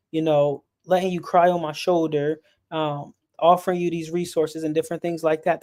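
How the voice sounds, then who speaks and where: A man speaking earnestly in a casual, personal way, his voice sitting a little higher than most men's. His delivery stays level and unvaried, and he often repeats a word or two as he searches for what to say next. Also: darkish tone. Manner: earnest, repeats words while searching for them. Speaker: speaker on a sports and mental health stream.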